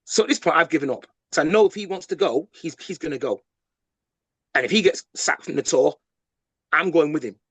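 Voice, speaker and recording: A man, a podcast guest, telling a story with animated delivery, quick repeats and acted-out quotes. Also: a little high, breathy edge, no echo. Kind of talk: storytelling interview.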